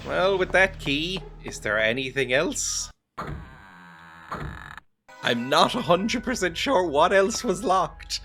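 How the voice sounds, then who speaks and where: A man riffing over his gameplay in a casual, sarcastic way, laughing at his own jokes. His voice sits somewhat high and bright, and his pitch bounces around a lot as he talks. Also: lively intonation, a little slow, faint music behind. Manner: sarcastic, joking, laughs often. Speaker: let's play gamer.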